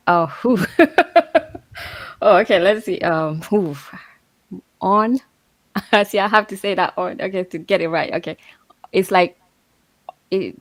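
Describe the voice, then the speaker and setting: A woman's voice: mid-range voice, no room sound. A woman taking part in an online study group, speaking hesitantly over a video call and laughing at her own attempts. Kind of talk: casual online discussion.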